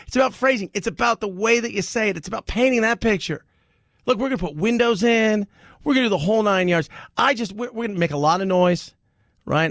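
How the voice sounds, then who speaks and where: Male radio host, gravelly, slightly high, animated and joking, dry studio sound. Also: dry recording. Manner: joking, animated, laughs often. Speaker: radio talk show host. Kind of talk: casual talk radio monologue.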